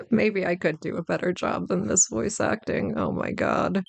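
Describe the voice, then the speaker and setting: A let's-play commentator musing over a fantasy game, chatty and self-deprecating, with a gravelly, creaky edge on the voice. The sound is dry and close, with no room around it. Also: mid-range voice, big pitch swings, a little slow, no room sound. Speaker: gameplay commentator.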